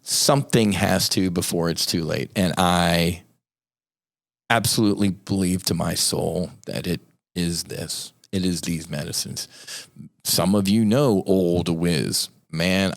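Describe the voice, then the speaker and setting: A middle-aged American man hosts a podcast, delivering a blunt, profane, fired-up monologue. His voice sits low and has vocal fry.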